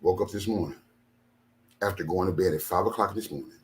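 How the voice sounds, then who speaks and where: A deep, brisk male voice comes through with a little hiss or hum. The speaker, an older ministry leader short on sleep, pours out an angry, repetitive monologue at his home studio, sounding aggrieved and emphatic.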